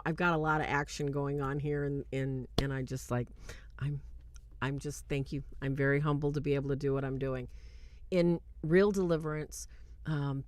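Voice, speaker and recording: Deep-ish woman host, lively film recap on stream, thanks her viewers a lot. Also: dry recording. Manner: animated retelling, thanks viewers warmly. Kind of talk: livestream commentary.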